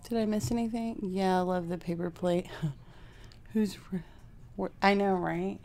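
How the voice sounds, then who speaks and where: Low raspy woman, crafting vlogger, chatty, thinks out loud. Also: fairly even intonation, slow. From Houston, Texas. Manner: chatty, thinks aloud while working, answers chat. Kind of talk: casual crafting chat to live viewers.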